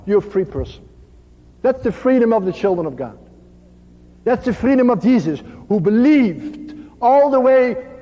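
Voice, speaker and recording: Man, preacher, slow gentle sermon, mellow tone, dull recording. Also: high-pitched. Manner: slow, gentle, drops to a soft hush on tender lines. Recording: dull lo-fi recording in a reverberant hall.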